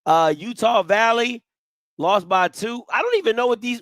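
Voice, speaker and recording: A male sports-talk host reads out a team's schedule and reacts with loud exclamations. His voice is high and bounces all over. The recording sounds close and dry, with no room echo. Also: animated, normal speed. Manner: exclamatory, reacting aloud while reading out lists. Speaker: podcast host.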